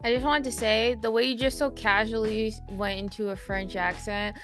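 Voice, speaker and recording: A woman's voice: fairly high pitch, fairly even intonation, moderate pace, fairly bright tone, faint music behind. A woman hosting a casual interview, gushing and giggling like a fan. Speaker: host.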